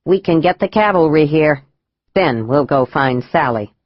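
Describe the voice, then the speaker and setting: A woman voicing a determined male agent in charge, speaking in a low, clipped and decisive way. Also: expressive, unhurried, no room sound, muffled recording.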